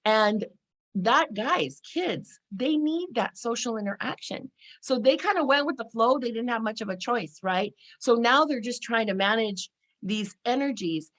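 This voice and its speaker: A woman's voice: fairly high pitch, animated, unhurried, a bit bright. A woman in her forties from California, talking casually about spiritual energy to camera, chatty and full of "you know" and "right?". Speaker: spiritual vlogger.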